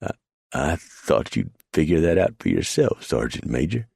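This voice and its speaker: A man's voice: extremely low pitch, big pitch swings, normal speed, creaky, a little mellow, husky, no echo, clean studio sound, pitched above the performer's own voice, full character voice. A man voicing a timid quartermaster sergeant who stammers anxiously. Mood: nervous.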